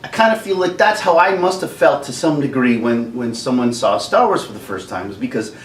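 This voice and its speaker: A man in his forties ranting casually as a vlogger, animated, laughing often and acting out quotes. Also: medium pitch, a little fast, slight background noise. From Canada. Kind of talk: casual rant. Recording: roomy, distant mic.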